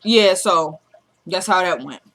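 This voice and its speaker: Eine Frau mit Südstaatenakzent, die locker eine Serienfolge nacherzählt und die Figuren mit tieferer Stimme zitiert. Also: female voice, lively intonation, slow pace, fairly bright tone, a little hiss or hum. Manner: retells scenes, quoting characters in a lowered voice. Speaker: TV episode recap vlogger. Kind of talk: casual recap chat.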